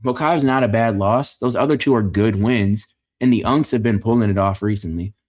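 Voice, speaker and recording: A man with a fairly low voice runs through a fight card in casual reaction commentary. He is opinionated and jokey, rambling a little and catching his own slips. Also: normal speed, a little mellow. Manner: opinionated, joking, rambling with self-corrections. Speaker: MMA fight reaction host.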